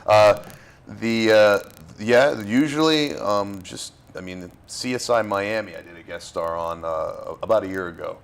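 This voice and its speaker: A man from Florida, an actor being interviewed, talking in a relaxed, halting way with fillers and restarts. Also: lowish voice, smooth. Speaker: actor guest. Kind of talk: casual interview talk.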